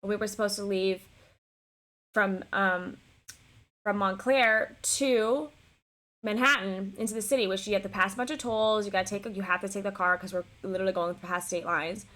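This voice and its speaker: Bright-voiced woman telling a story. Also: medium pitch, moderate pace. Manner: animated, swears freely, full of restarts. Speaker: streamer. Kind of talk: casual storytelling to a live stream.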